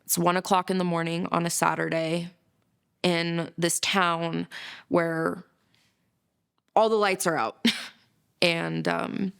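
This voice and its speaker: A woman's voice: on the low side, little pitch movement, gravelly, a bit bright, clean tone. A woman giving a documentary interview, telling a story vividly and acting out what people said. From United States. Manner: quick, vivid storytelling with acted-out quotes. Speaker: interviewee recounting a frightening night.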